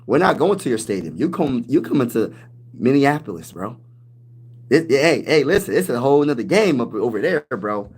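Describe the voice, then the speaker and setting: A man hosting a casual sports livestream, hyping his team with loud trash talk and reading viewers' comments aloud. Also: medium pitch. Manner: hyped trash talk, reads chat aloud. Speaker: livestream host.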